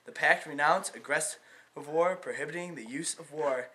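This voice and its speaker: Bright-voiced young man reading a mock news report. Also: a little high, normal speed, rough recording. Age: teen or young adult. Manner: announcing, reading out facts. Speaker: student narrator of a school history project.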